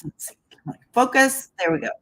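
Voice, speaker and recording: A woman's voice: fairly high pitch, animated, moderate pace, fairly bright tone, poor audio. A woman giving a casual crafting tutorial, chatting as she works and laughing at her own slips. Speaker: card-making demonstrator.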